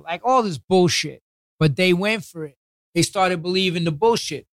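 In a dry, clean recording, a man from New York City with a New York accent recalls his past as a guest in a laid-back interview. His voice is on the high side and fairly bright. He curses constantly, speaks bluntly like the street, and rapidly voices other people's lines in his retellings.

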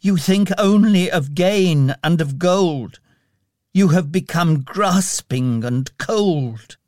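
A man's voice: medium pitch, slow, dark tone, dry recording, clean studio sound, lightly acted. A man voicing a heartbroken young woman who speaks tearfully and reproachfully in a storybook reading.

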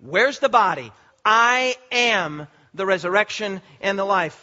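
A pastor delivers an emphatic sermon in a very high, bright voice that rings with tension. He repeats words and restarts phrases as he drives his points home. The recording sounds muffled and lo-fi. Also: animated, measured pace. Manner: emphatic preaching with repetitions and restarts.

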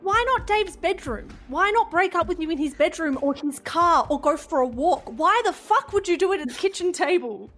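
A woman's voice: very high-pitched, lively intonation, normal speed, few pauses, a bit bright, soft background music. A woman hosting a podcast interview who reacts bluntly and swears freely. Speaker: podcast host.

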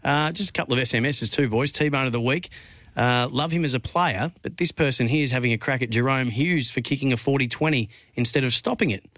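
A man's voice: mid-range voice, a little fast, a bit bright, no echo. An Australian man hosting a sports radio show in casual banter, upbeat as he reads out listener texts. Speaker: host.

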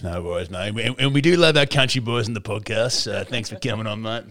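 A man hosts a podcast over a video call, chatting casually with lots of fillers and repeated words. His voice is lowish, brisk and a bit bright.

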